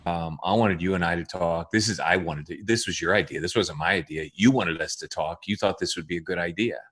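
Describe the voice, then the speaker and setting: A lead pastor in earnest conversation. His voice sits low, and he speaks haltingly, repeating his words and apologizing as he goes. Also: fairly bright tone, slightly rough.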